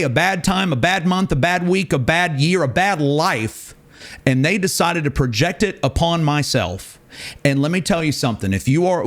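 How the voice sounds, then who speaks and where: A male streamer chatting live, ranting emphatically and repeating words for effect. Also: fairly high pitch. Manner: animated, ranting, emphatic repetition.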